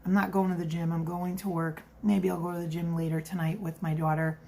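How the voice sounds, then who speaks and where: A woman's voice: on the low side, level tone, brisk, vocal fry, dark tone, slight background noise. A middle-aged woman telling a rambling story in a casual confessional vlog. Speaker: vlogger.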